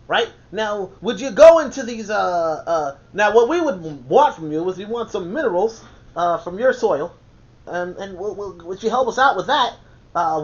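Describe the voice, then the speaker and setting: A man voicing a halting, overly polite male colonizer who stammers as he pleads. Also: high-pitched. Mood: pleading. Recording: dull lo-fi recording.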